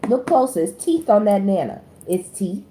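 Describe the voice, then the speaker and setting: A woman giving a casual tarot reading. She talks to her viewers directly in slangy speech, jumping from loud exclamations to low muttered asides. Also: sing-song, normal speed. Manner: slangy, addresses the audience directly. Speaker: tarot reader. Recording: echoey room with faint background noise.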